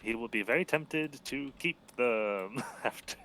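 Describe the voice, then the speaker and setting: A man chats easily at a tabletop game. His voice is bright and forward, at a middle pitch. He fills pauses with "uh" as he decides. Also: a little hiss or hum. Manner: easygoing, laughs often, fillers. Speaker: player. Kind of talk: casual tabletop chat.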